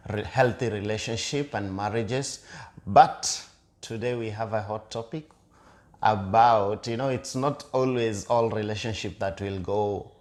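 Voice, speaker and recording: A man co-hosting a relationship talk with his partner, speaking earnestly and repeating his points with fillers. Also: on the low side. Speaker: co-host of a couple's channel. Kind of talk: casual chat.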